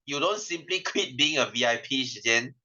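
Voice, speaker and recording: Malaysian science teacher guy on webcam, bright voice, jokey, lo-fi sound. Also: medium pitch, expressive, moderate pace. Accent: Malaysian English. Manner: playful, teasing, laughs often. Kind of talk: online class lesson. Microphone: webcam microphone. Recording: dull lo-fi webcam audio.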